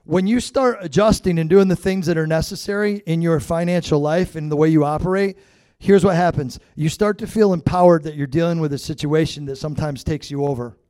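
A man's voice: on the high side, fairly quick, mellow, dry recording, studio quality. A middle-aged man preaching a sermon as pastor, talking straight to the congregation in a conversational way with frequent asides.

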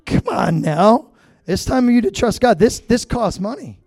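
A man's voice: high voice, lively intonation, moderate pace, vocal fry, a little mellow, dry recording, clean studio sound. A middle-aged man preaching a sermon as pastor, talking straight to the congregation in a conversational way with frequent asides.

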